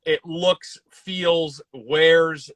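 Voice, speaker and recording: A man from Kansas hosting a casual podcast, talking eagerly and quickly with casual slang. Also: fairly high pitch, fairly even intonation, a bit bright, no room sound. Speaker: podcast host.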